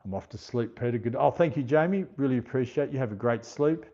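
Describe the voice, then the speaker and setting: Reading out viewer comments and thanking each viewer by name, an Australian livestream host chats in a mellow, medium-pitched voice. His pace is slow and unhurried, and the stream audio is dull and lo-fi.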